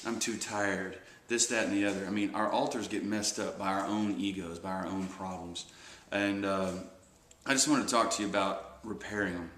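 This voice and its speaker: A man's voice: low-pitched, fairly even intonation, normal speed, a bit bright, echoey room, a little hiss or hum. A man casually retelling a Bible story as a devotional speaker, rambling with many fillers and restarts.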